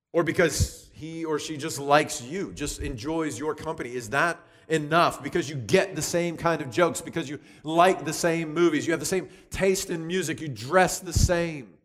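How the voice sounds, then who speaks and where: A man giving a conversational sermon, lively and chatty, often restarting with repeated words. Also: a little high, moderate pace. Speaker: youth speaker teaching from Proverbs.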